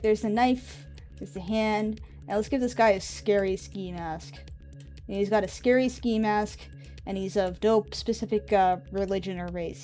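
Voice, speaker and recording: A woman streaming live, talking casually at an ordinary mid pitch. She rambles in an offhand way and drifts off into asides. Faint music plays quietly behind her voice.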